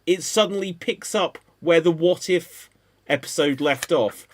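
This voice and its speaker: A man hosting a live panel show, chatting casually about TV in an animated, rambling way that turns mocking. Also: fairly high pitch, measured pace. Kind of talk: casual pop-culture chat.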